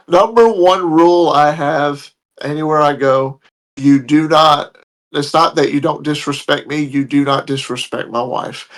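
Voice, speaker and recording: A man telling a story in a casual, blunt, heated way, swearing freely. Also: fairly high pitch. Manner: blunt, profane, heated retelling. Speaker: podcast guest telling a story.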